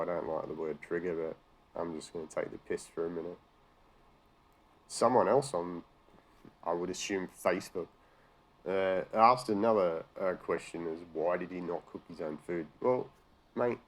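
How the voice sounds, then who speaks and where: An Australian man sarcastically ranting about news articles, swearing freely and sounding exasperated. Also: low-pitched. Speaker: commentary host. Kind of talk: profane rant reacting to news articles.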